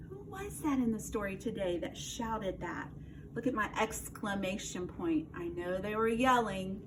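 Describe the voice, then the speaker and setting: A woman teacher giving a slow, encouraging read-aloud lesson to young children, quizzing them and praising answers. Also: mid-range voice, animated. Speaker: first grade teacher. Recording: distant mic, faint background noise.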